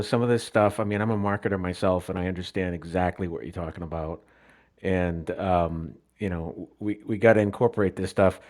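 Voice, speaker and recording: Chatty low-voiced man hosting. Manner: relaxed, chatty, laughing, many fillers. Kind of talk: live audio room chat. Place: online live audio room.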